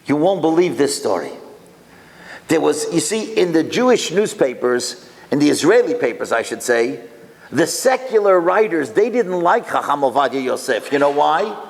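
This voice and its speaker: A man, a rabbi, telling stories to an audience in an animated way, full of rhetorical questions and Hebrew and Yiddish terms. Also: fairly high pitch, normal speed, vocal fry, big-room sound. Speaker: rabbi and lecturer. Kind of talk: storytelling speech to an audience.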